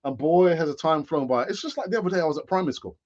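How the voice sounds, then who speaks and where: A man's voice: a little high, animated, very fast, a little mellow, lo-fi sound. Rambling man in his late fifties. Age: late 50s. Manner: rambling, with sighs and asides. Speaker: football fan channel host. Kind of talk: casual live-stream commentary.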